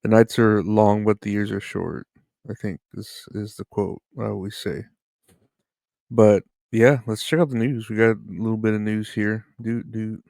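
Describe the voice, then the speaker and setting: A man's voice: fairly low pitch, steady tone, moderate pace, vocal fry, a little mellow, no echo, clean studio sound. A man hosting his podcast in a rambling, laid-back chat, swearing and chuckling as he goes. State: tired, yawning. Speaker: podcast host. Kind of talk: casual comedic chat.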